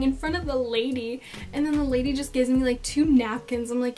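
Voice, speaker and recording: A teenage girl talks fairly quickly in a get-to-know-me vlog, her high voice carrying a darkish tone. She's chatty and tells dramatic stories full of "like" fillers. Faint music plays behind her.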